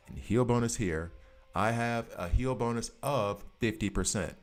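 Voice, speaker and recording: A man's voice: medium pitch, a little slow, a little mellow, faint music behind. A man streaming a game, chatting casually and rambling to his viewers, often correcting himself mid-sentence. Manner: rambling, self-correcting, chats directly with viewers. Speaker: gaming streamer. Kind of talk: casual live-stream chat.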